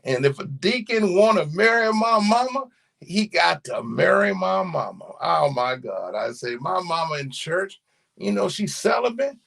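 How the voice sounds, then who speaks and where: A middle-aged man telling family stories in a casual monologue, animated and profane. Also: high-pitched, unhurried, gravelly. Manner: animated storytelling, profane slang. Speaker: commentator.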